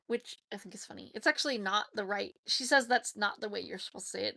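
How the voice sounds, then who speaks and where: A woman's voice: mid-range voice, fairly quick, gravelly, pushed and bright, no room sound, clean studio sound. A woman, chatting casually with viewers on a livestream, giggly and rambling. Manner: chatty, giggly, talks to herself. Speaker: livestream host.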